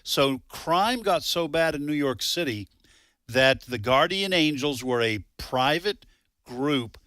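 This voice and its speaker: A man's voice: on the high side, animated, slow, fairly bright tone, no room sound, studio quality. A man co-hosting a talk radio show, explaining points and dropping in short agreements. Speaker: radio co-host. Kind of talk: casual talk radio chat.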